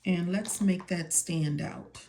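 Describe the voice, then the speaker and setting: A woman with a voice on the low side teaches medical coding over some background noise. She slowly walks viewers step by step through a study lesson, repeating instructions and questions as though they could answer.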